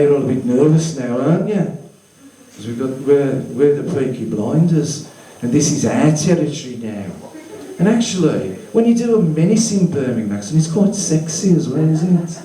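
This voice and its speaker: A man's voice: a little high, dark tone. A man doing a stand-up comedy routine, chatty and self-mocking with sweary asides. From English Midlands. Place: comedy club stage with live audience. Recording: roomy echo, distant mic, faint club noise.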